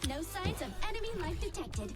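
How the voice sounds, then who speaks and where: An actress voicing an upbeat young space explorer hero, delivering clipped, confident game callouts. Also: female voice, extremely high pitch, very animated, fairly quick. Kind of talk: game character voice lines in a trailer. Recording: voice lines over loud game music.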